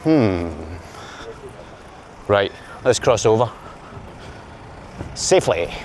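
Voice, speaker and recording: A man's voice: lowish voice, animated, extremely slow, darkish tone, a little hiss or hum. A man with a Glaswegian Scottish accent chatting jokily to viewers while walking outdoors, filming himself on a handheld camera. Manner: chatty, jokey, talking to viewers. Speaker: vlogger. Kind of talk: casual walking vlog chat. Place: outdoors on city streets.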